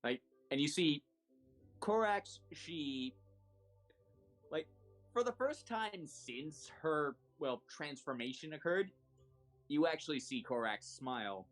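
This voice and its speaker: A man's voice: on the high side, lively intonation, slow pace, long pauses, fairly bright tone, faint music behind. A man playing a tabletop game, talking casually and stammering through many false starts. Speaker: player.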